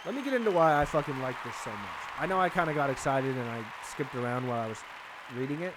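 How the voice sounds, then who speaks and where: A young man hosting a comedy podcast, rambling through an excitable, profane monologue. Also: medium pitch, quick pace, crowd noise, noisy background.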